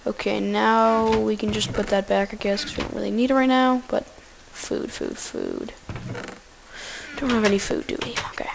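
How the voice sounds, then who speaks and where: A woman giving goofy, excitable casual gameplay commentary, talking to the animals in her game. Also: medium pitch, fast talker, gravelly, hardly any pauses, background noise.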